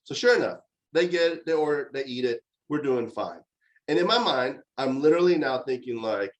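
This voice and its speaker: A man gives a parenting lecture in a conversational, storytelling way. His voice sits in a middle pitch, and now and then he acts out exasperated outbursts. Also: brisk, rough recording. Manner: storytelling, with animated quoted outbursts.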